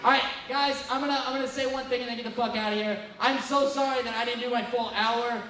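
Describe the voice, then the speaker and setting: A man in his twenties doing a profane, rambling stand-up set with loud bursts of yelling, working the crowd at a bar. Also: very high-pitched, fairly even intonation, quick pace. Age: 20s. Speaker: stand-up comedian. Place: bar stage with a live crowd. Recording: far-off echoey bar recording with noise.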